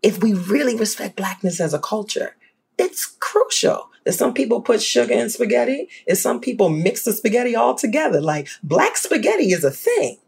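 A scholar from the American South speaks with a New Orleans accent in a casual panel discussion. The voice is gravelly and husky, and the delivery is animated and emphatic, leaping high in pitch to drive points home. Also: a little fast, hardly any pauses. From Southern United States. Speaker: guest scholar.

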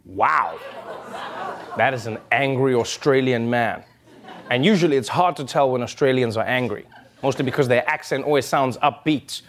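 A man's voice: medium pitch, moderate pace, a bit bright. A man hosting a late-night comedy show, delivering a sarcastic monologue with jokes and asides. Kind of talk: comic monologue.

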